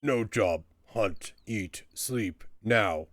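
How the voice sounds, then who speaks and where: A starving, sulking troll in a jail cell, talking in halting broken words, as a man puts him on. The voice is low and gruff, slow and grunting, recorded dry and close. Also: dry recording.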